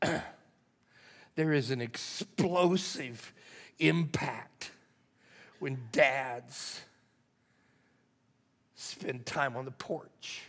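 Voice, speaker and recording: An older man, a lead pastor, preaching a sermon in a folksy, conversational way that swings from hushed to loud. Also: mid-range voice, extremely slow, long pauses. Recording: long hall reverb.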